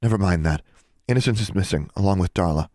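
Brief: man playing a young storybook witch, soft and fretful, raised pitch, dry sound. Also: fast talker, dry recording, close to an everyday voice. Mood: worried. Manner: gentle, worried. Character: young witch, gentle and anxious friend.

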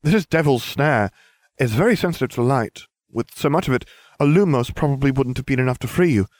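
Hermione, a man doing a high bossy schoolgirl. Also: lively intonation, a little fast, darkish tone, lightly acted. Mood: insistent. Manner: earnest, insistent, lecturing. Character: clever, bossy schoolgirl witch.

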